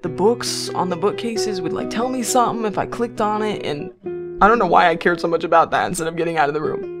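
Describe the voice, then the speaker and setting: A young woman giving casual, excitable commentary while playing a horror game, gasping and exclaiming often. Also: on the low side, brisk, over music. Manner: excitable, gasps and frequent exclamations. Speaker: let's play gamer.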